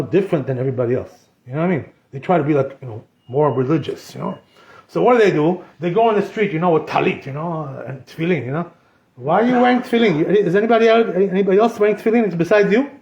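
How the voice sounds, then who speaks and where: High-voiced rabbi in an echoey room. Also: male voice, a little mellow, lo-fi sound. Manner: conversational, constantly says "you know", mixes in Hebrew terms. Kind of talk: informal Torah class.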